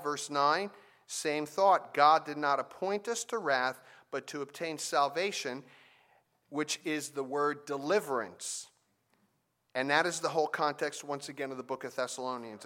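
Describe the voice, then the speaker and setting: A male pastor preaching a sermon in a slightly high voice. He moves from storytelling into scripture teaching, pressing his key points with animated emphasis.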